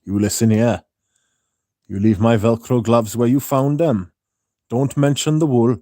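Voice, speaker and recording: A man's voice: mid-range voice, steady tone, unhurried, warm tone, no room sound, clean studio sound, lightly acted. A man putting on a Welsh accent as a stern scolding man.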